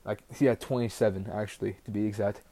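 This teenage podcast host talks fast in a mellow, lowish voice with fairly even intonation. Alone on the mic, he rambles bluntly, packs in "like" fillers, and sounds frustrated.

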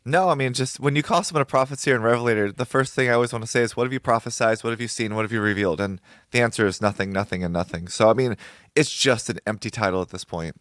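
A man's voice: mid-range voice, fast talker, a bit bright, dry recording, studio quality. A man in a casual discussion over a video call, emphatic and indignant. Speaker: podcast co-host.

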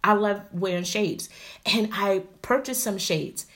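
A middle-aged woman vlogger tells her viewers a story, chatty and animated, often calling them honey and y'all. Her medium-pitched, unhurried voice shifts from loud bursts to hushed asides.

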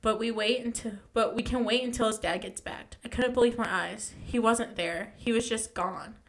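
A woman's voice: a little high, normal speed. A young woman casually reading a ghost story aloud, stumbling and correcting herself as she goes.

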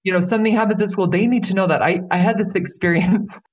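A woman's voice: medium pitch, fast talker. A woman who works as a life coach, speaking earnestly as a podcast interview guest and repeating key phrases for emphasis.

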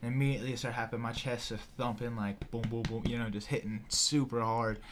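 A man's voice: medium pitch, fast talker. Young guy on a podcast telling a crazy story, swears a lot, says like and you know constantly, faint room hum. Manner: animated, profane, many fillers like "you know". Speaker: podcast guest. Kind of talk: casual storytelling.

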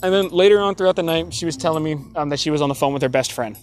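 A young adult man, a college student, tells a casual anecdote in a fairly high voice at a rapid-fire pace, with faint music behind him. He rambles and chats, using many fillers, correcting himself, and laughing often.

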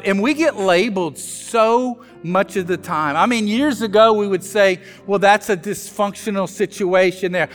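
A man from South Louisiana preaching a sermon, telling self-mocking stories with animated humor. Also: sits high, normal speed, few pauses, in a large hall, soft background music. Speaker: pastor.

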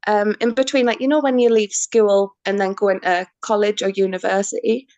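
Young woman guest, bubbly and effusive, mid-pitched voice, dry sound. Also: fairly even intonation, fairly quick, a little mellow, dry recording. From Northeast England. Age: young adult. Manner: bubbly, effusive, says "like" often. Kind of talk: casual interview.

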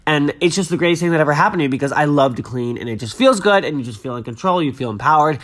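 A man's voice: fairly high pitch, expressive, very fast, fairly bright tone. A young man hosting a podcast, chatting casually and reading news aloud in a gushing, dramatic way, a little stuffy-nosed. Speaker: podcast host.

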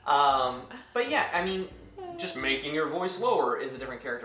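A man's voice: a little high, animated, fairly quick, fairly bright tone, reverberant, distant mic. A man in casual podcast chat, talking animatedly, often restarting and stammering. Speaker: podcast cast member.

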